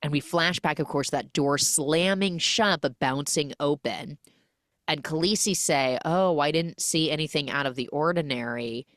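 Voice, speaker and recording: Podcast host, woman with a low voice, dry close sound, chatty recap that slips into character voices. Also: no room sound. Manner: chatty, acts out characters' lines in quick voices. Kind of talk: animated film recap.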